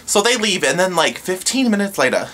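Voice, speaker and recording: A man's voice: high voice, sing-song, brisk, sharp tone. A man who works in a pizza shop, chatting casually and acting out his customers' lines. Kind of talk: casual storytelling vlog.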